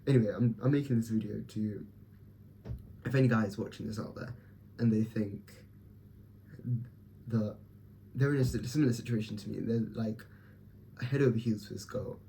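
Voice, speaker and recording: Young male vlogger, low, very dark and mellow voice, blunt and profane, talking himself up straight to camera. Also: steady tone, a little fast, vocal fry, long pauses, slight background noise. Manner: blunt, profane, self-motivating pep talk. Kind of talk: candid personal vlog.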